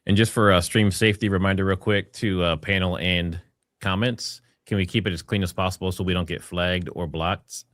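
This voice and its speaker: A man's voice: sits low, fairly even intonation, fairly quick, fairly bright tone, no room sound, clean studio sound. A man hosting a live stream in an upbeat, casual way, reading viewer messages and thanking them. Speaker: live-stream host reading super chats.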